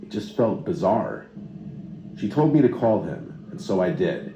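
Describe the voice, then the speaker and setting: A man calmly narrating a true horror story in scripted style. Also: sits low, a little slow, lo-fi sound, slight background noise. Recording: echoey with loud music bed.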